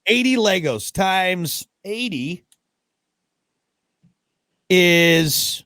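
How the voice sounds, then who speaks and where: Male podcast co-host, middle-aged, higher voice, rambling chatter, dry sound. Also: expressive, very slow, pushed and bright, no room sound. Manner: rambling, trails off and restarts, laughs a lot. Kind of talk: casual chat.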